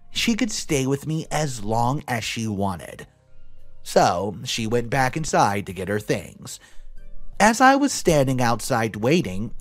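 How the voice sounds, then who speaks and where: Lively young man narrating a story. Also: mid-range voice. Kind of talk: reading a story aloud. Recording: dry close voice with faint music.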